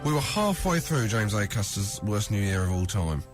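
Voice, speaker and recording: A man hosting a comedy radio podcast with a bouncy, animated voice. He chips in with amused asides, and music plays clearly behind him. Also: fairly low pitch, moderate pace. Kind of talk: casual radio chat.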